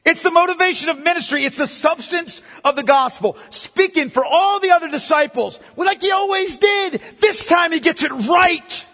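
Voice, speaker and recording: Male pastor, very high voice, emphatic sermon delivery with loud and hushed swings, long hall reverb. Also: moderate pace, few pauses.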